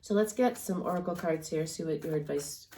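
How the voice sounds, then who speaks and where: Low-voiced woman giving a rambling tarot reading. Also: a little fast, very noisy. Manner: rambling, encouraging, many fillers and restarts. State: coughing and yawning at times. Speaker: tarot reader. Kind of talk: casual tarot reading monologue.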